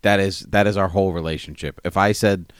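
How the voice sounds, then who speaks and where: A man with a very low voice chats casually about a TV show, recorded close and dry. He talks in a jokey, animated way and slips into silly bits. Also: brisk, clean tone, no echo. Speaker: podcast co-host. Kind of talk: casual TV recap chat.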